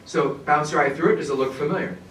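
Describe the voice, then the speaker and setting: A man giving an animated, humorous professional development talk to an audience of teachers in a conference room. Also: on the high side, quick pace, far from the mic. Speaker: presenter. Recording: roomy echo, speaker away from the mic, faint noise.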